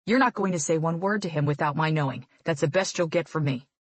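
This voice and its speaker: A woman's voice: low voice, fast talker, no room sound. A woman voicing a stern middle-aged male football coach who gives curt, commanding orders.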